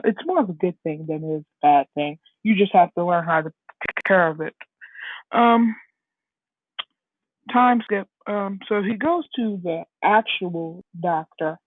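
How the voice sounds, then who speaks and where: Give me a husky woman rambling through a story. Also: lowish voice, no echo. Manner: rambling, with many fillers. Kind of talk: casual fan-fiction storytelling. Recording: husky, dry, phone-like lo-fi audio.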